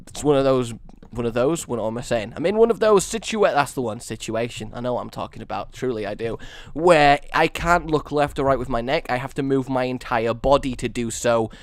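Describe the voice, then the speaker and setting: A man casually commentating a building game, rambling and joking at his own expense. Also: mid-range voice. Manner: rambling, self-mocking, jokey. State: sore neck. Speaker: gaming video host.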